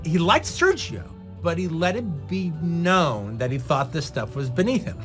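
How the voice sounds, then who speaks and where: A man, a film director being interviewed, telling a long anecdote with lively delivery. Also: on the high side, a little slow, faint music behind. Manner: lively, acts out dialogue in the retelling. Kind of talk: animated anecdotal storytelling.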